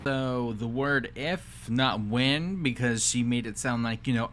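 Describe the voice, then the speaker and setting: A man's voice: medium pitch, unhurried, hardly any pauses, a bit bright. A man commenting on a livestream clip with wry, sarcastic asides. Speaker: reaction commentator.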